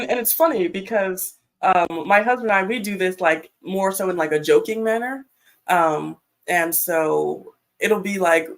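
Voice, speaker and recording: A woman's voice: fairly low pitch, gravelly, rough recording. Chatty woman telling a story on a panel. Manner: chatty storyteller with many fillers. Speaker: panel guest. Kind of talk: casual panel discussion.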